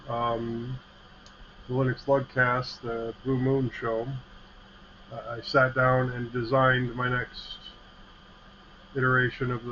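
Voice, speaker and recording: A man's voice: medium pitch, bright, forceful tone. A man co-hosting a casual livestream chat, talking in a rambling, friendly way about his tech projects. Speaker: podcast co-host. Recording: slightly dull mic with faint hiss.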